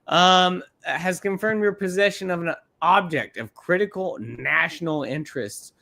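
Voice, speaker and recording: A man co-hosting a casual live podcast, reading a document aloud and breaking in with animated, swearing asides. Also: high voice, unhurried, creaky. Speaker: podcast co-host.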